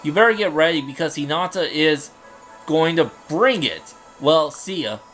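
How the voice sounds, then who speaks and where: A brash young samurai retainer, voiced by a man in a fantasy game fan dub. He is loud, blunt and boastful, with a slightly high voice, and faint music plays behind him. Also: lively intonation, moderate pace.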